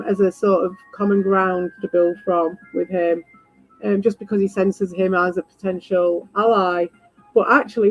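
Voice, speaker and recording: A woman streamer in a casual ranting chat, animated, swearing freely and repeating herself. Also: mid-range voice, no room sound, highs cut off. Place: home.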